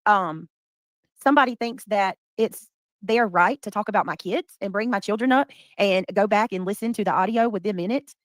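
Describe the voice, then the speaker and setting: A woman's voice: medium pitch, moderate pace, no echo, clean studio sound. A woman hosting a casual livestream, greeting chatters by name. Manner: greets chatters by name, breaks into bits of song. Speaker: livestream host.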